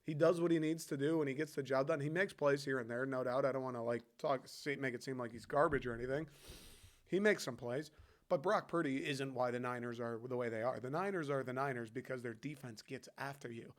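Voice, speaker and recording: A man's voice: mid-range voice, fairly quick. A man hosting a podcast, talking sports in a loose, profanity-heavy, fired-up rant and calling his listeners "dude". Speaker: podcast host. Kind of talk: casual sports talk.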